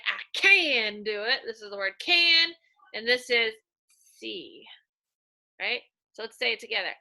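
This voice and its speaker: A woman teaches sight words to young children in a slow, sing-song voice. Her tone is very bright and a little high, and she stretches out each word. She sounds animated and patient as she points through her pictures. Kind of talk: early-reading lesson for young children.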